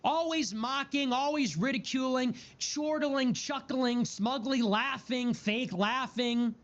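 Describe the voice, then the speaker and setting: A man's voice: very high-pitched, slow. Man ranting in lists, lo-fi sound. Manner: repetitive, listing words in a building rhythm; profane outbursts. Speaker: political streamer. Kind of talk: heated political monologue. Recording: dull lo-fi audio.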